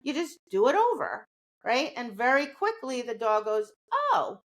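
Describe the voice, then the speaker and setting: A woman's voice: on the high side, sing-song, normal speed. A woman co-hosting a podcast, explaining dog training in a casual, conversational way and often checking in with "right?".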